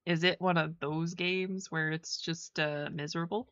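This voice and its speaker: A woman's voice: lowish voice, steady tone, a little slow, fairly bright tone, no echo, muffled recording. A woman streaming a video game, chatting casually with her chat and her pet as she plays. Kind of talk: casual gameplay stream commentary.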